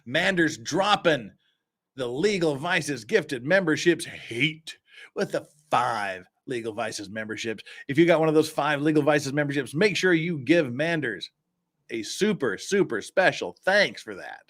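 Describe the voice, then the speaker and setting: A man's voice: a little high, expressive, measured pace, a bit bright. Sarcastic Utah-accented male stream host. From Cache Valley, Utah. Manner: sarcastic asides while reading news aloud. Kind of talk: casual live-stream news commentary.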